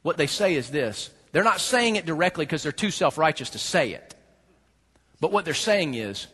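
A man delivering a sermon with a husky, slightly high voice. He preaches dynamically, dropping to near hush before climbing to loud, emphatic peaks. The sound rings with the long reverb of a large hall. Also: very animated, normal speed. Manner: dynamic preaching, swings from hushed to shouting. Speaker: pastor.

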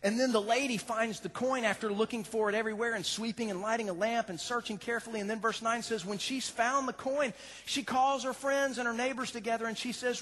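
Animated high-voiced preacher in a reverberant hall. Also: male voice, brisk. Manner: animated, playful, dramatic storyteller. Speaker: pastor. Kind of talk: storytelling sermon.

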